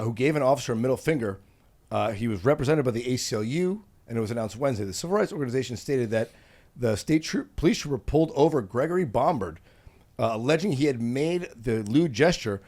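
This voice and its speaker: Male podcast host, animated and crude, swears often. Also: medium pitch. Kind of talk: casual chat.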